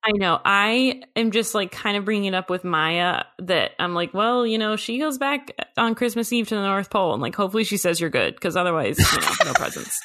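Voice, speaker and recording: Woman, 30s, podcast co-host; bright, lively pitch, dry close mic, chatty and quick to laugh. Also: no room sound. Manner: chatty, laughs often, quotes her kids. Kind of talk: casual chat.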